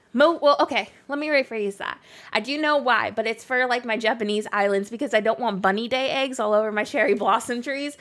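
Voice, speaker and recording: A woman streaming from home, with a Canadian accent that has blended with a Southern US one. She chats casually and reads viewer comments aloud, with plenty of likes and little laughs, at a middle, everyday pitch. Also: a bit bright. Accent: mixed Canadian and Southern US. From near Canada. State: recovering from illness. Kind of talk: casual chat while gaming.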